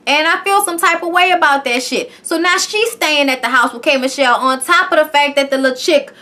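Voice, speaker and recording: A woman's voice: sits high, fairly quick, bright, forceful tone. A woman casually recapping a reality show, chatty and profane, tagging her lines with "okay?". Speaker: TV show reviewer.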